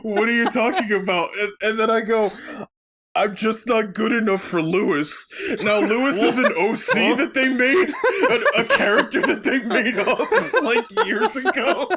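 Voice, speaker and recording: Giggly high-voiced young man telling stories. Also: normal speed. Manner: giggly, animated, keeps laughing mid-sentence. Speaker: let's play host. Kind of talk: casual storytelling chat.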